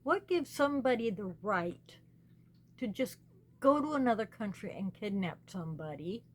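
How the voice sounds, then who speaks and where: A woman from the United States, talking slowly and earnestly as host of her own small channel, pleading with her listeners. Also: medium pitch, animated. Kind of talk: personal spoken commentary.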